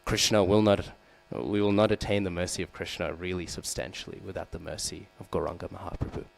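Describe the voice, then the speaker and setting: Deep-voiced man giving a temple class. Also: flat delivery, brisk, vocal fry, poor audio. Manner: frequent "hmm?" and "right?" checks with listeners; acts out quoted lines with raised voice. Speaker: devotional class speaker. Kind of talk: scripture class sermon. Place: temple hall. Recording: low mains hum behind.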